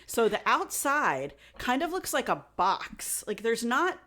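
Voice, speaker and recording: A woman's voice: fairly high pitch, very animated, a little slow, pushed and bright. A woman co-hosting a podcast, telling the story in a casual, chatty way, laughing and restarting her sentences. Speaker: podcast co-host presenting the story.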